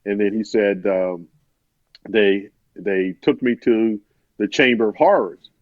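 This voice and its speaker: A male sportswriter guest tells stories conversationally, speaking slowly in a lowish voice. He rambles, restarts often, and quotes others in his own voice. The podcast audio is dull, dry, and muffled, with no echo.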